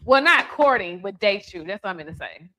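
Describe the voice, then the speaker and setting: A woman with a bright, lively voice talks through a recipe at her stove. She chats casually and jokes with the person behind the camera. It sounds like a relaxed home kitchen video. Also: medium pitch, brisk. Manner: chatty, playful, teasing the person filming. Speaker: home cook host. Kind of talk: casual cooking demonstration.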